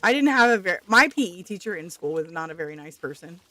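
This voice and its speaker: A woman's voice: fairly low pitch, sing-song, quick pace, bright, forceful tone, no echo, faint music behind. A woman streaming a farming game, chatting casually with viewers, reading their messages aloud and laughing often.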